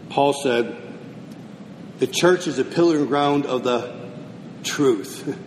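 A man preaching a sermon, asking questions and answering them himself. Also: a little mellow. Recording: roomy hall with long echo, faint rumble.

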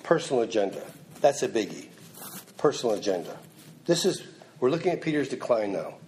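A man's voice: medium pitch, big pitch swings, a little fast, a little mellow, slight background noise. A man preaching a sermon, stressing points by repeating them and acting out the lines he quotes. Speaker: pastor.

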